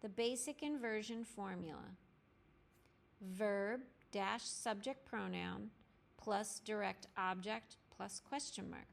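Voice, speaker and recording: Woman french teacher going through a lesson real slow, clear and deliberate, medium pitch. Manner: clear and deliberate, spelling out grammar formulas step by step. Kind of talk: slow instructional lesson narration.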